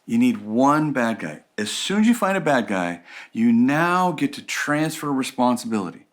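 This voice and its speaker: A man's voice: medium pitch, very animated, moderate pace. A man teaching a relationships course in a conversational, playful way, acting out examples. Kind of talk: recorded course lecture.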